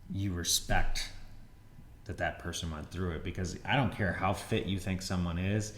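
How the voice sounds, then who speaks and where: A man's voice: sits low, moderate pace, slight background noise. A man who owns a gym, hosting a podcast and talking casually and at length, now and then acting out what other people said. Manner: relaxed, rambling, acts out quotes with a raised voice. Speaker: gym owner and podcast host. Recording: roomy echo with faint ambience.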